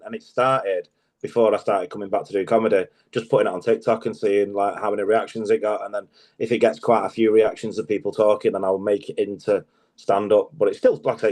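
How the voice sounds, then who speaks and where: A man's voice: on the low side, darkish tone. A middle-aged man, a guest comedian, chatting casually in an interview, telling stories, laughing often and swearing freely.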